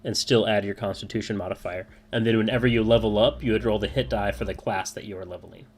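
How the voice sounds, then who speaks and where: A man running a tabletop roleplaying game as dungeon master, talking in a relaxed, joking way with many fillers. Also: lowish voice, quick pace, a little hiss or hum.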